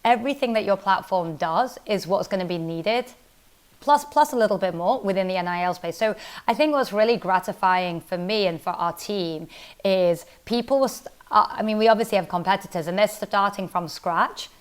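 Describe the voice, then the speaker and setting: A woman who founded a company, talking casually in an interview, quick and animated, full of "like" and "literally". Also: medium pitch. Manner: fast, animated, heavy use of "like" and "literally". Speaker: startup founder and CEO, interview guest.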